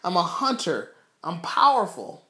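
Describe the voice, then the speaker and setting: A man's voice: sits high, wildly swooping pitch, a little slow, pushed and bright, exaggerated voice. A man voicing a young male lion from a parable who was raised among goats. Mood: resolute. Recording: roomy echo.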